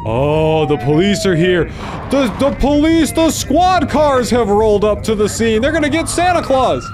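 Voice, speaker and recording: A man playing a horror video game and commenting as he goes, yelping and laughing at the scares and muttering quietly in between. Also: big pitch swings, moderate pace, noisy background. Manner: jumpy, yelps and laughs at scares, then mutters low. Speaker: gaming video host. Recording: faint game music behind.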